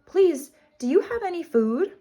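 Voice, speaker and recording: A woman voicing a small, brave boy who calls out in a high, eager voice. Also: big pitch swings, a little slow, mellow, lo-fi sound, exaggerated voice. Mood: pleading.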